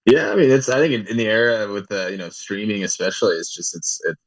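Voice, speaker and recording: A man's voice: fairly low pitch, lively intonation, quick pace, no room sound, rough recording. A young man, a guest on a radio show, answering casually and hesitantly with lots of "like" and "um". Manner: hesitant, filler-heavy with "like" and "um".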